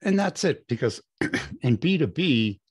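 A man's voice: a little high, big pitch swings, measured pace, slightly rough, no echo, studio quality. A man hosting a podcast interview, asking short questions with brief laughing asides. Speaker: podcast host.

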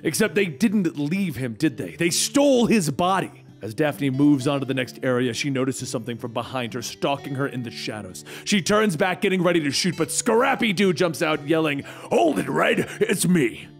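A man's voice: on the high side, lively intonation, moderate pace, few pauses, faint music behind. A man narrating a comic book story in a dramatic, conversational way.

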